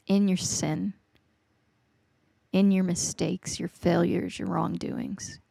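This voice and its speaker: A woman's voice: mid-range voice, little pitch movement, a little slow, vocal fry, a little mellow, dry recording. A woman in her forties hosting a faith podcast, telling a personal testimony in an earnest, emotional way that often sinks to a near whisper. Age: 40s. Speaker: podcast host.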